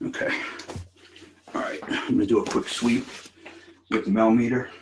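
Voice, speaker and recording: An excitable man talks through a live ghost-hunting session indoors, dropping curses and slang like dude and bro. His voice sits in an ordinary middle register. A steady hiss runs under the amateur recording. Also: medium pitch, normal speed. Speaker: paranormal investigator. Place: indoors, room where he investigates.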